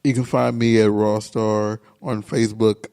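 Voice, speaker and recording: A man's voice: fairly low pitch, flat delivery, a little slow, gravelly, mellow, clean tone. A man co-hosting a casual podcast chat, rambling with fillers and restarts. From Fort Wayne, Indiana. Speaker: podcast co-host.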